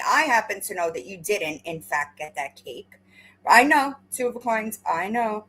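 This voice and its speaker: A woman's voice: medium pitch, animated, normal speed, pushed and bright, slightly rough, low-quality recording. A woman commentator reacting to a livestream clip, confrontational and sarcastic, often restarting her words.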